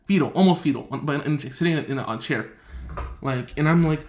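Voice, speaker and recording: A young man hosting a casual podcast chat, telling a story with lots of laughter and lively quoted voices. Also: on the high side, fast. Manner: laughing often, animated quoting of others. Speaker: podcast host.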